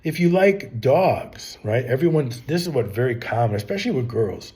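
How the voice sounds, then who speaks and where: A middle-aged man gives business advice in a loose, rambling monologue. His voice is mellow and warm, with a middling pitch, and he keeps stopping to restart and throw rhetorical questions. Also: lively intonation, normal speed. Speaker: channel host giving business advice.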